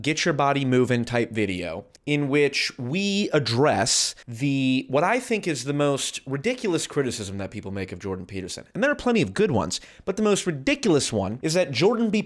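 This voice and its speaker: A man hosting a sarcastic, energetic explainer video. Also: mid-range voice. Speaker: commentary vlogger.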